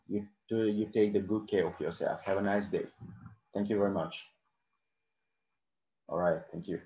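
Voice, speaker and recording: A man's voice: fairly low pitch, a little mellow, echoey room, dull audio. A man teaching an English lesson live online, answering questions from the chat and often adding "okay" and "of course".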